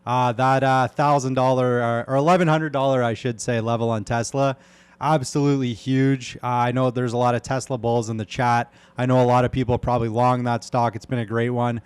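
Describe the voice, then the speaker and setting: A man's voice: mid-range voice, level tone, a little fast, clear, resonant tone, no room sound. A man who is a trader on the show, chatting in a laid-back, joking way. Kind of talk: casual livestream chat.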